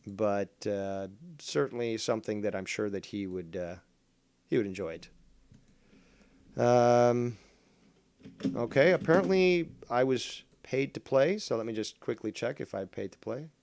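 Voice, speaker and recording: A man hosting a casual call-in livestream, rambling and sarcastic, cursing at his software. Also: lowish voice, lively intonation, measured pace, dry recording. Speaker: livestream host.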